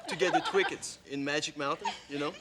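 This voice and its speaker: A man's voice: a little high, steady tone, a little fast, background noise. A young man from the French West Indies, speaking with a French Caribbean accent, telling a story good-humoredly as a dating show contestant. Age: young adult.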